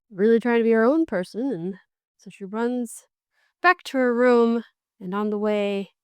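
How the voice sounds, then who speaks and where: A woman hosting a book podcast, giving a casual, animated recap and slipping into characters' lines as she goes. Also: mid-range voice, no echo, studio quality.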